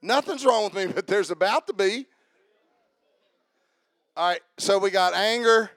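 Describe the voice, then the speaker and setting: In a church, a pastor with a fairly high male voice preaches a sermon at a measured pace, recorded close and dry on the mic. He's lively and conversational, calling out to the congregation and bringing people up to the front.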